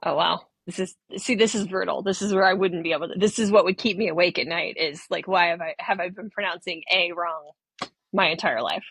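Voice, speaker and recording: A woman with a light Southern American accent and a husky voice, chatting casually as a podcast co-host. She answers quickly, teases her co-host and laughs often, recorded dry and close with no room sound. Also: fairly low pitch, steady tone, a bit bright, no room sound. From Southern United States. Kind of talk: casual chat.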